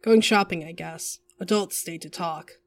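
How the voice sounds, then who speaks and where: A woman's voice: fairly low pitch, measured pace. A woman voicing a lookout who gives a clipped, offhand report.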